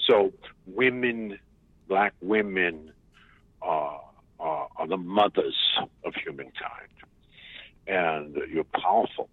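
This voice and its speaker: A man with a very deep voice joins the show over the phone, halting and full of restarts. The line is narrow and dry, with a slightly husky tone. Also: no echo. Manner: halting, many repeated starts and fillers. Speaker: phone-in guest. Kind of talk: casual talk-show chat. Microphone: phone call.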